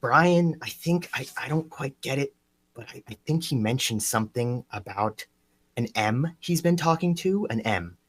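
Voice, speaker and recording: A man's voice: mid-range voice, expressive, lightly acted. A man improvising a groom who hesitantly hints at a scheme, in live improv comedy. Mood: scheming. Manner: halting, hesitant, full of ums. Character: groom hinting at a sly arson scheme.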